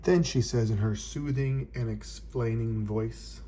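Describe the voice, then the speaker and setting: Slow, mellow man reading a storybook. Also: mid-range voice, fairly even intonation, a little hiss or hum. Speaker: storybook reader. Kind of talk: reading a picture book aloud to a child.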